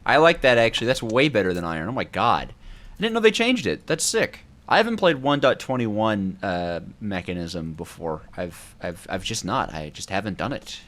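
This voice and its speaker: A man's voice: on the low side, normal speed. A young man giving casual gameplay commentary, rambling and talking to himself as he plays. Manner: animated, rambling, talks to himself. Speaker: gameplay YouTuber.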